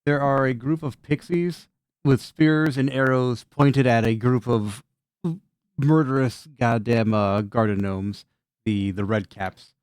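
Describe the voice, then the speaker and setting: A man's voice: medium pitch, fairly even intonation, slow, a little mellow, smooth, no room sound. Male game master, loose profane narration, dry close sound. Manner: laughing, loose and profane, many restarts.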